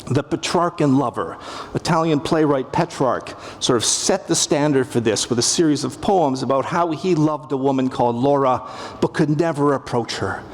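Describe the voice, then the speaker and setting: At normal speed and medium pitch, a middle-aged Canadian-accented man lectures publicly on a theatre stage to a live audience. He's a literature professor, wry and humorous, acting out quotes, and the recording carries a big hall's long reverb and faint ambience.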